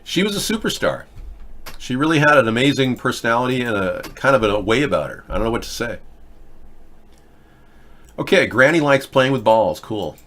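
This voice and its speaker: His voice is medium-pitched, sing-song and a bit bright, moving at normal speed with frequent pauses. He is a man running a live political video chat show, bluntly rambling and restarting his words as he answers chat viewers and pokes fun at them in casual stream talk.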